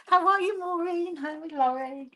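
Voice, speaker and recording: A woman's voice: extremely high pitch, a little slow, crowd noise. A woman hosting a craft live stream in casual chat, chatty and laughing often. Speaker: craft show host.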